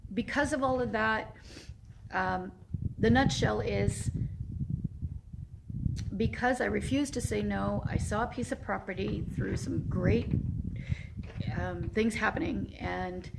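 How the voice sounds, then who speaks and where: A woman's voice: medium pitch, gravelly, background noise. A woman in her fifties giving a casual, emotional video update, rambling and laughing often. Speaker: horse sanctuary founder. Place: Walnut Creek area.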